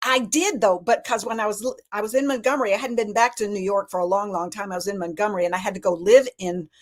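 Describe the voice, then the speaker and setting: A woman with a Southern US accent, a humorist telling folksy stories in animated, casual chat. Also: medium pitch, quick pace. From Alabama, USA.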